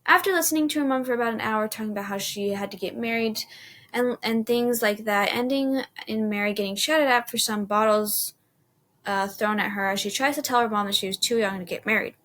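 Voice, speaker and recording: A woman reading a horror story aloud in an unhurried way, with small restarts. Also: a little high, a bit bright.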